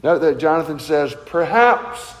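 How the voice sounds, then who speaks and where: A man's voice: on the high side, expressive, a little slow, long reverb tail, poor audio. A man preaching a sermon in an earnest, emphatic way, asking rhetorical questions. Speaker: pastor.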